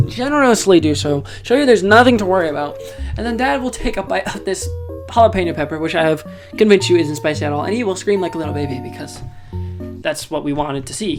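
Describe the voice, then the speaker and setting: A young man hosting a podcast, casually telling funny stories with jokey, animated delivery and sudden loud asides. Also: a little high. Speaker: podcast host. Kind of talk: casual storytelling. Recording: background music under the voice.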